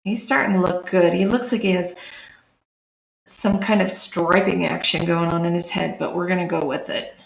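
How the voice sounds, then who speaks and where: This streamer and artist speaks in a fairly low, creaky voice, keeping a steady tone and moderate pace. She chats away casually while drawing live, narrating each step of her work. The recording is rough and reverberant.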